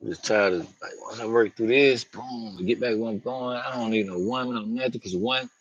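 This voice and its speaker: A man's voice: mid-range voice, moderate pace, breathy edge, no echo, muffled recording. A man talking to camera outdoors in a loose, rambling monologue, slangy and profane, often laughing. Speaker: vlogger.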